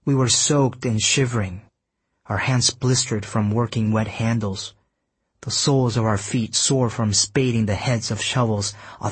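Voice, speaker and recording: A man giving measured, scripted first-person audiobook narration. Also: fairly low pitch, slightly rough, no room sound. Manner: steady, measured storytelling.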